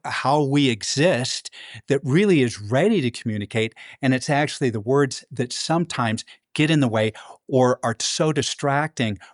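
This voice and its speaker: A man who is a guest on a podcast, explaining his ideas in a measured way with many fillers. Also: mid-range voice, no echo, studio quality. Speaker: podcast guest, business consultant. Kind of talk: casual podcast conversation.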